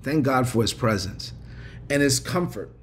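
A man's voice: medium pitch, lively intonation, measured pace, slight background noise. A man preaching a livestreamed sermon with a repetitive, rhythmic cadence, calling on viewers to respond in the chat. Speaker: pastor. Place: online livestream.

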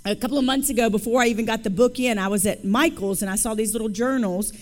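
A woman speaking at a church service, telling her testimony as an author and guest speaker in a lively, conversational, emphatic storytelling way. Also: on the high side, fast talker, soft background music.

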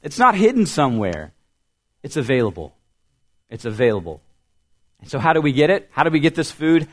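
A young man preaching a sermon as a pastor, earnest and storytelling, building emphasis and letting phrases trail off softly. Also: a little high.

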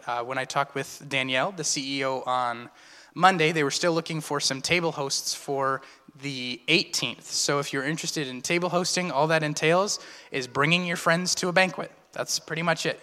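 Bright, clear-voiced pastor giving announcements. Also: male voice, a little high. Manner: halting, filler-heavy delivery. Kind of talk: church announcements. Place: church sanctuary. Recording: long church reverb.

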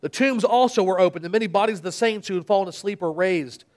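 A man's voice: high-pitched, fast, a little mellow. A man preaching in a church service, reading scripture dramatically and then explaining it. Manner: dramatic reading with emphatic quoted speech.

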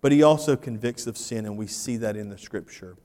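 A man's voice: on the low side, brisk. Preaching man in a reverberant church. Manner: animated, swings from loud to hushed, repeats phrases. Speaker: pastor. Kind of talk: sermon.

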